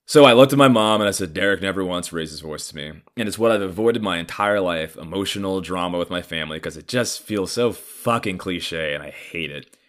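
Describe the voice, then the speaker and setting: Man, 30s, lowish voice, lively pitch, profane casual storyteller. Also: brisk, hardly any pauses. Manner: profane, animated, frequent fillers.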